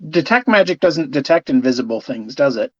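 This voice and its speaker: A game master narrating a tabletop game, hesitant with many pauses and fillers. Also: medium pitch, lively intonation, darkish tone, dry recording, lo-fi sound.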